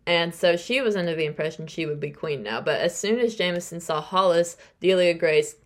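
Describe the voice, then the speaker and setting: A woman's voice: lowish voice, a little fast. A young adult woman hosting a podcast, casually recapping a novel's plot in a chatty way and acting out the characters' lines. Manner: chatty, acts out characters' lines while retelling. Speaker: podcast host.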